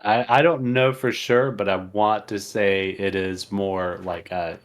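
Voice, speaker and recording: A man's voice: lowish voice, fairly even intonation, measured pace. A middle-aged man co-hosting a podcast in casual chat, thinking aloud hesitantly. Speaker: podcast co-host.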